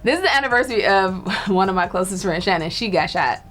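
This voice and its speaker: Animated woman telling a story. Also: mid-range voice, fast. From Detroit. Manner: animated, laughs often, acts out quotes. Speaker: storyteller guest. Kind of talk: casual storytelling.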